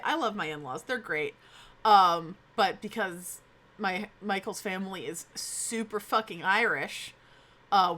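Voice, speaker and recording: Bubbly, lively young woman streamer. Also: mid-range voice. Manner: bubbly, chatty, self-mocking. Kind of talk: casual live-stream chat.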